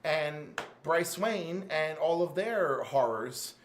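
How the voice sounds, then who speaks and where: A man hosting a casual podcast, excitedly recapping a comic storyline with lots of filler words. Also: on the high side, slow pace, a little hiss or hum. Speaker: podcast host reviewing comics. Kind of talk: casual chat. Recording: roomy echo.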